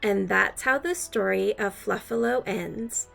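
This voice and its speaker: A woman reading a rhyming picture book aloud in a slow, rhythmic delivery. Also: mid-range voice, gravelly, fairly bright tone, soft background music. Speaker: storybook reader.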